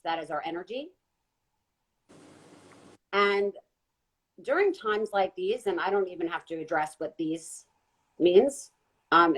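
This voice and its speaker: A woman guest giving an earnest, gentle spiritual talk during a live online chat. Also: medium pitch, rough recording. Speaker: guest intuitive reader. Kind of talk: casual live-stream talk.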